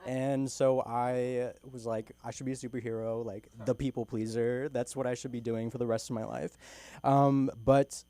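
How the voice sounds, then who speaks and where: A man's voice: mid-range voice, flat delivery, normal speed, warm tone. A young man from California doing a stand-up set at an open mic in a small comedy club, rambling loosely and giggling through his own jokes.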